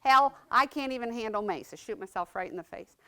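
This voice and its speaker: A woman's voice: fairly high pitch, a little fast, sharp tone. A middle-aged woman giving a personal testimony talk, conversational and earnest, often checking in with the audience by asking "right?". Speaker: speaker sharing her story as a mother.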